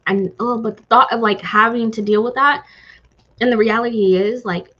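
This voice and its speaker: Emotional, rambling woman with a husky voice. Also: a little high, steady tone, normal speed, dull audio. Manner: emotional, rambling, many fillers and restarts. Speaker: host of a reading stream. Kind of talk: casual chat with live viewers.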